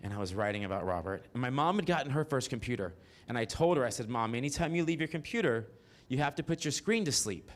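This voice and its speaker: An expressive, fast-talking Mississippi man in his 40s, with a mid-range voice, tells his life story alone on stage. The stand-up is frank and full of profanity, punctuated by asides to listeners.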